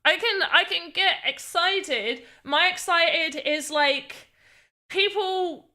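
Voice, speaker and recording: A British woman talks casually to her stream in a high, bright voice. She sounds tired and rambles, restarting words as she goes. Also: takes it slowly. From Britain. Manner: rambling, self-deprecating, often restarts words. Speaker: livestreamer. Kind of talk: casual live-stream chat.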